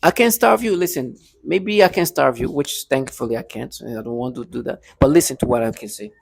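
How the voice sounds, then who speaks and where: A man's voice: medium pitch, a little fast, creaky, breathy edge. A man delivering an agitated, repetitive rant to camera from his apartment, with bitter laughs. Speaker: vlogger. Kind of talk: angry monologue to camera.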